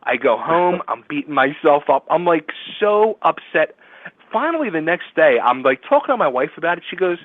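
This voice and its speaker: Male radio host, excitable and animated, tinny phone-line audio, dry close sound. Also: on the high side, normal speed, dry recording. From Philadelphia area. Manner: excitable, laughs often, acts out quotes. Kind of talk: casual storytelling chat.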